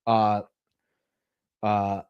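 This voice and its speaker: A man streaming live and chatting with his viewers, talking in an excitable, gleeful, profane way. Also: on the low side, drawn-out words, clear, resonant tone, no echo, muffled recording. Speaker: streamer and prank caller. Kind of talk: casual live-stream chat.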